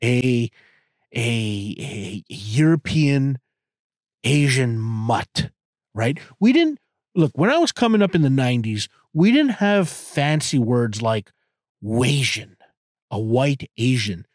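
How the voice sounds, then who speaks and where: Speaking slowly with big swings in pitch, this mid-range male voice is recorded in clean studio sound with no room noise. He's a podcast host in his thirties delivering a casual monologue. His talk is crude and profane, and he rambles and restarts a lot.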